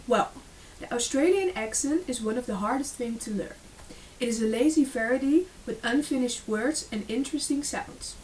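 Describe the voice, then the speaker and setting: A woman's voice: on the high side, normal speed, a little mellow. A woman reading a school presentation aloud, with frequent fillers and small restarts. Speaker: student presenter. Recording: distant mic with faint hiss.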